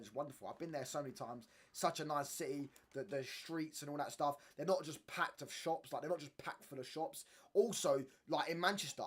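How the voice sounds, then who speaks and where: Fast-talking young man. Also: mid-range voice, husky. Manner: slangy, rambling, repeats "you get what I'm saying". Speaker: channel host. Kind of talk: casual livestream chat reading comments.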